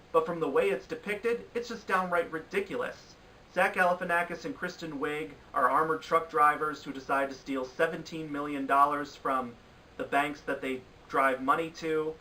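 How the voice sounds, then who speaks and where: A man's voice: on the high side, sharp tone, far from the mic, a little hiss or hum, poor audio. A man giving an opinionated countdown of bad films, sounding exasperated and ranting in his critique. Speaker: film reviewer. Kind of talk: opinionated film review countdown.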